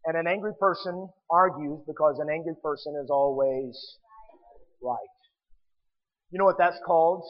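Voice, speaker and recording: A man's voice: on the high side, a little slow, long pauses, big-room sound, muffled recording. A man preaching a sermon, emphatic and appealing directly to his listeners.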